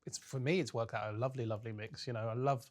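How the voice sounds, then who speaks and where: A man's voice: mid-range voice, very fast. A man in his thirties, a comedian guest chatting casually on a podcast and telling self-mocking stories. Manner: animated, self-mocking storyteller.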